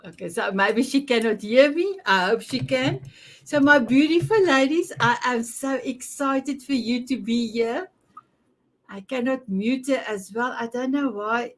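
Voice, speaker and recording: A woman's voice: on the high side, a little slow. A woman hosting an online summit over a video call, gushing and effusive with her guests. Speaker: summit host.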